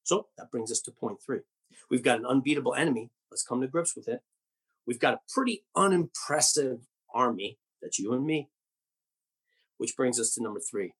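A male pastor delivers a sermon with a husky, slightly breathy voice. His pitch swings widely as he tells the story with animation and asks the listeners pointed rhetorical questions. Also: lively intonation, normal speed, a bit bright.

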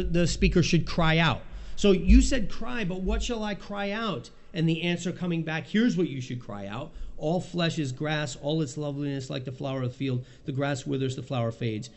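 High-voiced man preaching a sermon. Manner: animated, acts out the voices of the Lord and Isaiah. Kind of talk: expository sermon.

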